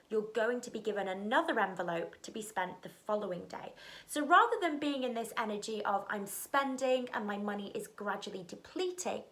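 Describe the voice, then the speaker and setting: A woman's voice: mid-range voice, bright, forceful tone. Chatty woman vlogging to camera. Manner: chatty, encouraging, frequent "you know" and "like". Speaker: video host. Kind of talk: casual talk to camera.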